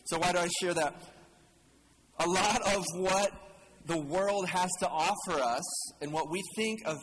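Bright and forceful, this slightly high male voice belongs to a pastor giving a casual, joking sermon that quizzes the congregation. The hall adds long reverb, with faint ambient noise underneath.

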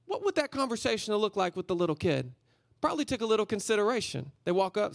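A man giving a guest sermon in a casual, energetic, slangy storytelling way. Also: high-pitched, fast, gravelly, no echo, clean studio sound. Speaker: guest preacher. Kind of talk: conversational sermon.

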